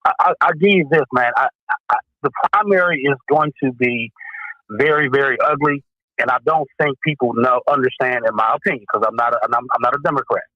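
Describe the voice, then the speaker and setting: A man's voice: mid-range voice, a little fast, dry recording. A man from Wisconsin calling in to a talk show, thinking aloud as he analyzes politics casually. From Wisconsin, USA. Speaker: caller. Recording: dull lo-fi call line.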